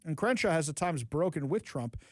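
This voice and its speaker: A man's voice: on the high side, animated, fairly quick, darkish tone, dry recording. Sarcastic man hosting political talk radio. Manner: sarcastic, mocking asides; reads news items aloud, then comments on them. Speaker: radio talk show host.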